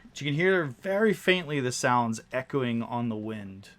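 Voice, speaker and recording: Male game master, average pitch, halting descriptive narration. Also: expressive, fairly bright tone. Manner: descriptive, halting, many fillers.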